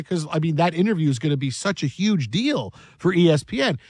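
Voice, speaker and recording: A man hosting a sports talk show, telling a story in an animated way and acting out the voices of the people in it. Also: a little high, a little fast, breathy edge, no room sound.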